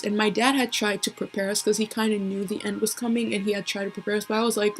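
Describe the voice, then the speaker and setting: A young woman telling a personal story to camera, halting and emotional, often dropping to a whisper, with many fillers. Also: medium pitch, flat delivery, noisy background. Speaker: vlogger.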